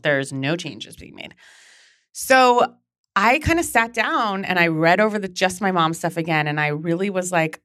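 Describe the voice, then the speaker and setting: A woman in her thirties, a podcast guest and memoir author, telling personal stories in a chatty, animated way with casual swearing. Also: fairly low pitch, no echo, clean studio sound. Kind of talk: candid storytelling.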